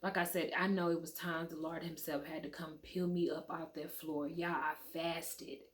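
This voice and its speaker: A woman's voice: deep voice, little pitch movement, moderate pace. A woman, in her thirties, telling a personal story to viewers in a candid, conversational way, calling them y'all and swearing freely. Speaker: vlogger. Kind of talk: emotional storytime to camera.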